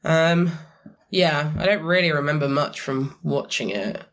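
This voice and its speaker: A woman with a hoarse, croaky voice, chatting casually and rambling as a podcast co-host. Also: sits low, unhurried, slight background noise. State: hoarse, croaky after a late night. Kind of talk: casual chat.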